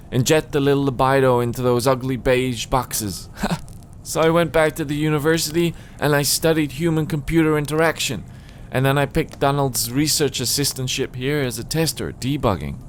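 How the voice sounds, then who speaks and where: A man's voice: medium pitch, voice pushed up, close to an everyday voice. Man doing a woman's voice, former romance novelist, wistful, flirtatious, faint hum. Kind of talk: let's play dialogue reading.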